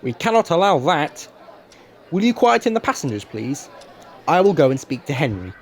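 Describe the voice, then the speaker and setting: A man's voice: fairly high pitch, sing-song, moderate pace, some chatter behind. Man doing a stern railway boss. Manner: stern, formal. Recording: noisy home recording.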